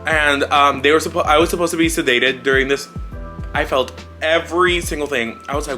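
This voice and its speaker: A man's voice: on the high side, a little fast, sharp tone, faint music behind. A young man around twenty telling a personal story in a casual vlog, rambling and blunt with lots of swearing and filler words. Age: young adult, about 20. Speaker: vlogger. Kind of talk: casual storytelling life update.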